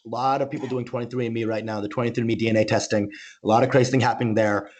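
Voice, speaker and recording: A man doing animated, rambling stand-up comedy over a video call, often tossing in "okay?" and "oh my God". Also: mid-range voice, rapid-fire.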